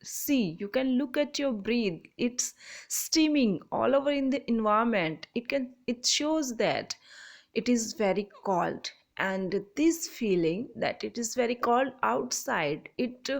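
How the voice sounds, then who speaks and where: A woman lecturer, slowly explaining a literary text, often repeating and rephrasing. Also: on the high side, animated, vocal fry. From India. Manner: slow, repeats and rephrases, reads passages aloud. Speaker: English lecturer.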